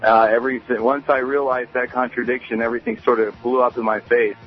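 A man calling in to a talk radio show, telling his story earnestly with many pauses. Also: mid-range voice, level tone, husky, muffled recording. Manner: earnest, pausing with fillers. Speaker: caller.

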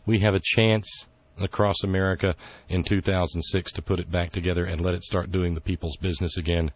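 Indignant low-voiced male radio host. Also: little pitch movement, a little fast, lo-fi sound. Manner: indignant, sarcastic, rambling with fillers. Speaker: radio talk show host. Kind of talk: political talk radio commentary.

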